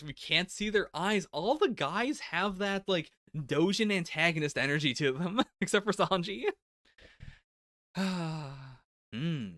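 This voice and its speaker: A man's voice: high voice, a bit bright, no echo, clean studio sound. A man giving a casual, rambling live reaction to manga chapters, full of "like" and little laughs. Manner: rambling and chatty, lots of "like" and laughs. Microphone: laptop setup.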